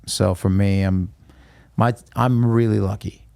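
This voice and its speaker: A man, a guest musician, recounting a personal story in an interview, halting with frequent restarts. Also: fairly low pitch, steady tone, vocal fry, mellow, no echo, studio quality.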